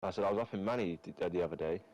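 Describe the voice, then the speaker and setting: Deep streamer, crude slangy trash talk with mates on chat. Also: male voice, rapid-fire, darkish tone, poor audio. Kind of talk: casual banter with friends on voice chat.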